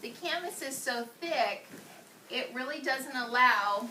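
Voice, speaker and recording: A woman's voice: high-pitched, expressive, slow pace, recorded from a distance. A woman at home doing a casual product demo in a rambling, chatty way with lots of ums, out of breath as she moves about. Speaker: home video reviewer. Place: at home, indoors. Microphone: camera set away from her. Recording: echoey room, off-mic, noisy.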